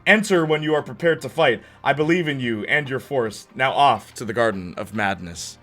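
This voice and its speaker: A man voicing a brisk woman fight coordinator with a French accent, delivering a cheerful pep talk. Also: mid-range voice, expressive, a bit bright, soft background music.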